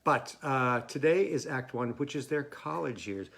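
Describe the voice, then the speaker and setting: A man hosts a home play reading, introducing it with casual, hesitant talk full of pauses. His voice is mid-pitched and plain. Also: expressive, gravelly, a bit bright. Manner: hesitant, many fillers. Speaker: host.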